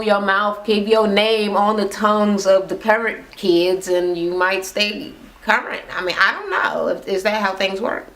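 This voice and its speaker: A woman's voice: medium pitch, creaky, fairly bright tone. A woman recapping reality TV in a casual rant, blunt and swearing a lot. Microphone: camera mic. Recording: roomy echo.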